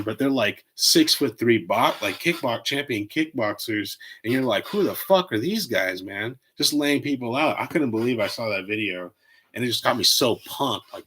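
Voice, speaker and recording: A man hosting his own podcast, rambling in a loose, excitable, heavily profane way. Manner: rambling, profane, excitable, fillers like "boom" and "freaking". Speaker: podcast host. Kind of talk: casual solo podcast rant.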